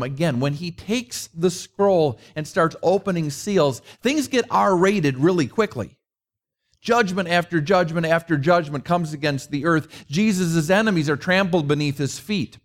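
A middle-aged man preaching a conversational sermon, mixing rhetorical questions with personal stories. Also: on the high side. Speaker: pastor.

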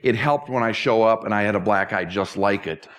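A middle-aged male pastor preaching a conversational sermon, animated and self-deprecating with touches of humor. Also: on the low side, fairly quick, a crowd in the background.

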